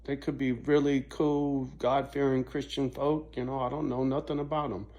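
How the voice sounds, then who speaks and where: A man's voice: mid-range voice, flat delivery, normal speed, darkish tone, highs cut off. Rambling, cussing middle-aged man telling a story. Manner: rambling, profane, frequent "right?" asides. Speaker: vlogger. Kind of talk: casual storytelling to camera.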